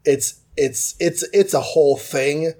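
A man casually retelling a comic book plot, tossing in quick voices for the characters. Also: fairly high pitch, vocal fry, dark tone. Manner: loose, chatty retelling with quick dialogue voices. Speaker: podcast host.

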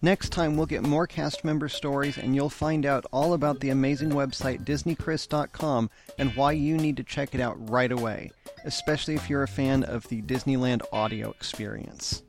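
A man's voice: medium pitch, fairly even intonation, normal speed, soft background music. A man hosting a podcast, reading an upbeat scripted outro with plugs and contact details. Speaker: podcast host.

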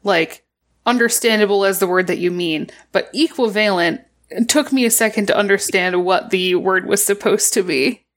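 A woman co-hosting a casual podcast, explaining game rules precisely with many fillers. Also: mid-range voice. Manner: precise, measured, filler-heavy. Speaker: podcast co-host.

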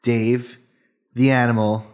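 Male co-host, deadpan comic banter, middle-range voice. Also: medium pitch, slow. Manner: dry, deadpan quips. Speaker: podcast co-host. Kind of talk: casual comedic chat.

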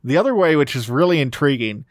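A man's voice: a little high, sing-song, fast talker, no echo, clean studio sound. A man co-hosting a podcast, talking enthusiastically about a movie, often restarting his sentences mid-thought. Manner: enthusiastic, talks with frequent restarts. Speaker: podcast co-host. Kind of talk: casual film discussion.

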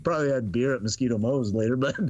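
A middle-aged man telling a story on a podcast, casual and animated, acting out the dialogue and laughing often. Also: mid-range voice, fast talker, no room sound, lo-fi sound. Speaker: podcast guest.

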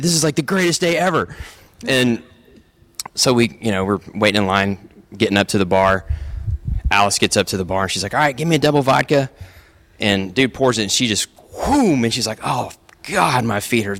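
A man's voice: mid-range voice, a little fast. A man attending a convention, telling a story casually and acting out the quotes. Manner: animated, acts out quotes.

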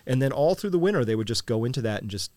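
A man hosting a live chat, telling rambling farm stories with quick asides. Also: medium pitch, expressive, darkish tone, dry recording. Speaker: host. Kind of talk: casual livestream chat.

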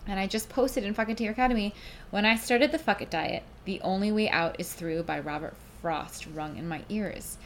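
A woman's voice: medium pitch, normal speed, slight background noise. Woman, young adult, podcast host, tired, rambling, frank, casual solo talk. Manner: rambling, scattered, frank, yawning and laughing.

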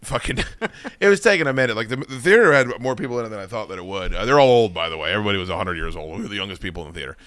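A man co-hosting a radio show, talking in an excitable, profane and animated way in casual chat. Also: fairly low pitch, rapid-fire, no room sound. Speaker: radio co-host. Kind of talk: casual chat, movie review.

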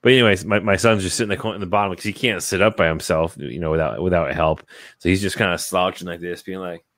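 A father in relaxed podcast chat who swears casually. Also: low voice, quick pace, no room sound, studio quality. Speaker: podcast co-host.

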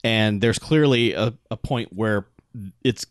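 A man's voice: lowish voice, takes it slowly, no echo, studio quality. Laughing man recapping a movie. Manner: laughing, acts out quotes. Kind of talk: casual movie recap chat.

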